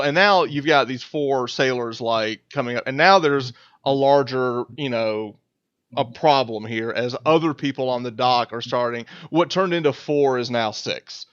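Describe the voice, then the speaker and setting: A man's voice: medium pitch, normal speed, fairly bright tone, smooth. A man running a tabletop game as game master, talking casually with many fillers and repeated words. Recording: dull lo-fi audio, dry.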